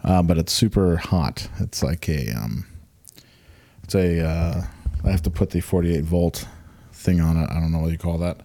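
A man's voice: low-pitched, normal speed, gravelly, warm tone, dry recording. A man co-hosting a podcast, rambling casually about microphones, swearing now and then. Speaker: podcast co-host. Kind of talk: casual chat.

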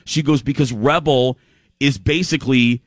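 A man hosting a show in casual chat, telling a story with quick restarts and quoting what others said. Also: medium pitch, dry recording, clean studio sound. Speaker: show host.

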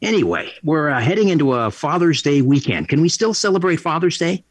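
A man's voice: on the high side, expressive, fairly quick, husky, dry recording. Sarcastic male talk radio host. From Canada. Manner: sarcastic, indignant, mocking. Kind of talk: opinionated talk radio monologue. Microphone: studio microphone.

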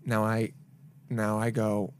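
A young adult man chatting casually as a co-host. He agrees quickly, laughs along, and acts out the voices of people in his stories. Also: fairly low pitch, monotone, a little mellow, a little hiss or hum. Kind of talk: casual chat.

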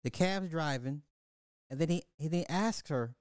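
A man's voice: fairly high pitch, measured pace, smooth, no room sound, studio quality. A man hosting a podcast, animatedly recapping a movie, repeating phrases and acting out the characters. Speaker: podcast host. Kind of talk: casual movie recap commentary.

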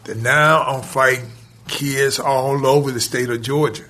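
A man's voice: medium pitch, fairly even intonation, sharp tone. A man telling a long personal story as a podcast guest, with lots of "he said" and "I said.". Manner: drawn-out storytelling with repeated "he said".

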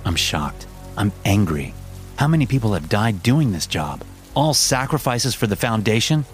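A man with a very deep, low voice tells a first-person horror story. His delivery is tense and measured, with faint music playing softly behind him. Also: sing-song.

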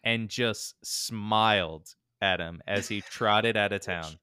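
Low-voiced man casually retelling a story. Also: takes it slowly, clean tone, dry recording, clean studio sound. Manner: laid-back, animated retelling with fillers. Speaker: podcast co-host telling the story.

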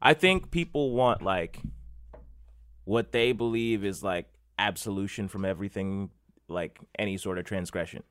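A man's voice: lowish voice, moderate pace, fairly bright tone, clean tone, no echo. A man co-hosting a comedy podcast, riffing in a laid-back way and laughing easily. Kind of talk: casual comedic chat.

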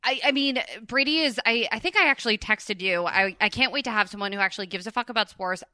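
A woman hosting a casual podcast chat, bubbly and quick to laugh, with lots of fillers. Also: a little high, bright, forceful tone, dry recording. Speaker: podcast host.

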